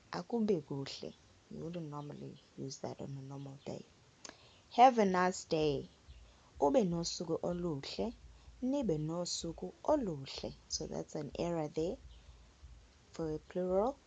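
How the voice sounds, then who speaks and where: A woman teaching phrases patiently in a relaxed spoken lesson, repeating words for learners. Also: on the low side, measured pace, gravelly, husky. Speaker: language teacher. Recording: dull lo-fi recording.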